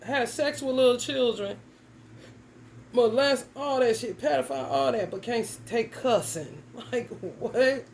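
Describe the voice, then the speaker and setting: A woman's voice: on the high side, unhurried, gravelly, darkish tone, a little hiss or hum, low-quality recording. A young adult woman giving a casual tarot reading, talking bluntly and emphatically with plenty of cursing and slang. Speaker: tarot reader.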